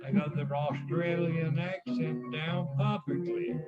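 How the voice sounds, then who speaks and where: Older guy rambling slow with lots of ums, muffled call sound, music blaring. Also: fairly high pitch, fairly even intonation. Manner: halting, many fillers and restarts. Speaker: interviewee. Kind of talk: casual reminiscing chat. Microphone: video call.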